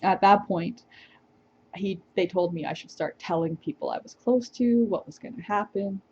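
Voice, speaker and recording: A woman's voice: medium pitch, normal speed, mellow, muffled recording, a little hiss or hum. A woman vlogger telling a personal story to the camera, reflective and hesitant, with small laughs.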